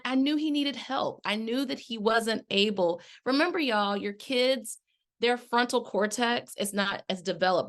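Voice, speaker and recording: A woman's voice: medium pitch, fairly bright tone. Chatty woman podcast host. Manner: chatty, addresses listeners as y'all. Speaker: life coach and podcast host. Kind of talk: casual podcast monologue.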